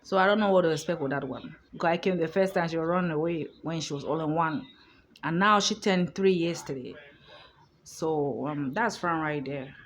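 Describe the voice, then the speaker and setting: An outspoken woman vlogger tells a story in a casual monologue from a hotel room, emphatic and swearing freely. Her voice sits low at a moderate pace, with slight background noise.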